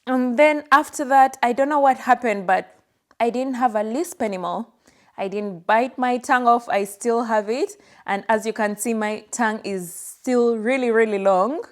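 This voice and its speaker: A young woman vlogger chatting to camera, telling a personal story in an easy, animated way and acting out what people said. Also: on the high side, moderate pace. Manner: chatty, animated, acts out quotes from her past.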